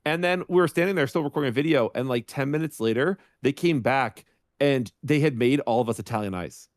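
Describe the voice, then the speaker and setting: A man's voice: mid-range voice, a little fast, dry recording, clean studio sound. A man on a podcast casually telling a funny anecdote, acting out the voices of the people in it. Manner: animated, acts out voices in his anecdotes. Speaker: guest streamer.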